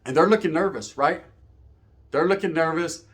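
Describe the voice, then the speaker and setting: A man's voice: on the high side, moderate pace. A young man telling a personal story to camera in streetwise slang, full of profanity and "right?" tags. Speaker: YouTube storyteller.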